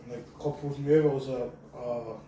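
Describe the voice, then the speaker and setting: A man's voice: mid-range voice, steady tone, fast, warm tone. A man in a casual chat who jokes around, laughs a lot and often answers with short reactions. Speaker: podcast guest. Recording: echoey room, distant mic, faint noise.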